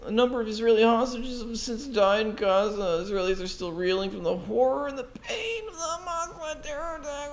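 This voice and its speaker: A man putting on a high, tearful, sobbing voice as he reads out a news report. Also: rough recording. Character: grown man in a sobbing, falsetto newsreader voice.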